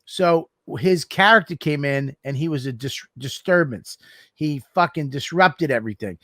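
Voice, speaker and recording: A man co-hosting a podcast in casual chat, excitable and self-mocking, swearing often. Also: fairly high pitch, moderate pace, dry recording, studio quality. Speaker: podcast co-host.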